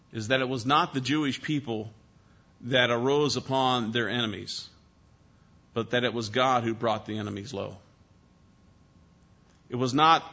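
A man's voice: medium pitch, bright, forceful tone, dull audio. A man preaching a sermon, emphatic, repeating key phrases and putting questions to his listeners. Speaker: pastor.

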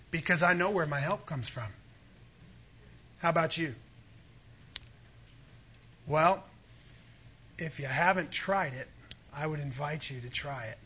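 A man's voice: fairly high pitch, pushed and bright, husky, muffled recording. A man preaching a sermon with emphatic, fervent delivery, often calling out to his listeners for agreement. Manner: emphatic, rising to fervent peaks, asks the audience "Amen?".

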